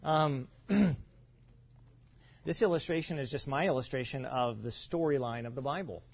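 A pastor teaching a congregation in a loose, conversational way, full of fillers, restarts and rhetorical asides. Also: male voice, mid-range voice, measured pace, gravelly, breathy edge. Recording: dull lo-fi sound.

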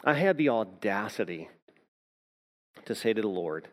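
A man's voice: lowish voice, big pitch swings, measured pace, long pauses. A man pastor preaching a sermon, telling a personal story and often repeating words as he starts a thought.

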